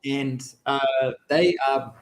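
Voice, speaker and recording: A middle-aged man with a New Zealand accent, chatting casually as co-host of a vlog, relaxed and halting with fillers. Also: mid-range voice, low-quality recording. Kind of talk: casual chat.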